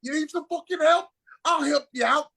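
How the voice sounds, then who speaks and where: A man's voice: very high-pitched, normal speed, creaky, sharp tone, voice pushed up, exaggerated voice. A man putting on a brash, profane Cockney accent to play a rowdy drunk older Englishman. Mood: taunting.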